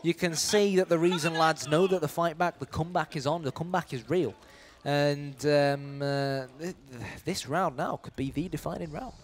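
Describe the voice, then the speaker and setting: A man casting a live esports match, lively and playful, building excitement in the big moments. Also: fairly high pitch, normal speed, hardly any pauses. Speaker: esports commentator.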